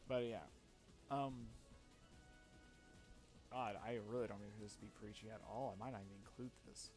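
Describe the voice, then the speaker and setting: A man's voice: lowish voice, fairly even intonation, normal speed, a little mellow. Young man, casual game commentary, rambling, swears a lot, faint music behind. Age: young adult. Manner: rambling, profane, self-mocking. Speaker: let's play commentator.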